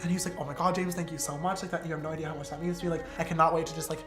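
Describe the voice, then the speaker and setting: A man's voice: on the high side, flat delivery, racing, roomy sound, music in the background. A young man telling a long personal story in casual chat, acting out the quoted texts.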